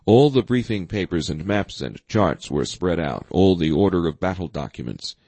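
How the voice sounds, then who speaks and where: A man narrating a political thriller audiobook in a steady, even reading. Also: deep voice, normal speed, breathy edge, no room sound. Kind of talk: scripted narration.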